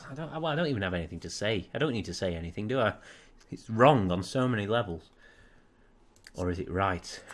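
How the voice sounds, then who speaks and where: Sarcastic man with a bright, lively voice. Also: on the low side. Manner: sarcastic, laughing, swearing. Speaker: game commentator. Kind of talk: let's play commentary.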